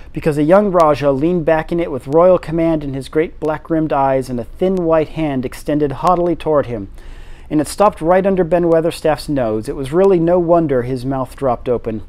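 A man reading a classic novel aloud, steady with occasional slips. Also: a little high. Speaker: reader.

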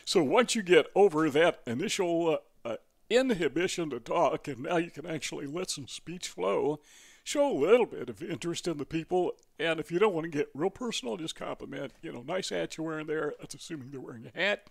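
A man's voice: on the high side, expressive, a little fast, creaky. An older man with a Midwestern accent, talking in a rambling, conversational way, full of fillers and self-corrections. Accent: Midwestern American. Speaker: vlogger. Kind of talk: casual talking-head monologue.

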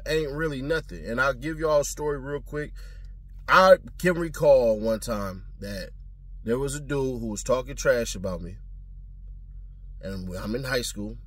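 A man's voice: medium pitch, husky, dry recording. A man giving blunt, slangy, profane commentary in a casual talking style.

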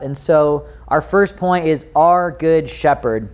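A man's voice: on the high side, slow, hardly any pauses, darkish tone. A man with an American accent preaching a sermon in a church, reading scripture, praying and talking to the congregation in an earnest, conversational way. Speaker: pastor. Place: church sanctuary.

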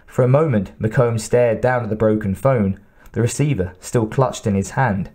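A man reading a thriller audiobook aloud as narrator, in a steady, even storytelling manner. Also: lowish voice, moderate pace. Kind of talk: scripted narration.

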